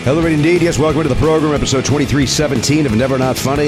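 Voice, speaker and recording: A man's voice: on the high side, over music. A man hosting a comedy podcast, chatting casually with a wry, self-mocking manner, a bit congested from allergies. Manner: wry, self-mocking, lively delivery with quick asides. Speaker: podcast host.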